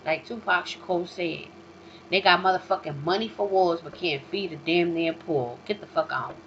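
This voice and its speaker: A woman hosting her own vlog, ranting in a profane, emphatic way, swinging from loud outbursts to low mutters. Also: moderate pace. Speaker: vlog host. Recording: dull lo-fi recording with faint noise.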